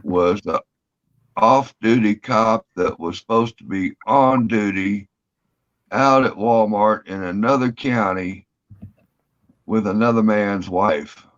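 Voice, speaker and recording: A man's voice: lowish voice, takes it slowly. A man telling a long story in casual chat, rambling and swearing freely. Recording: dull lo-fi audio.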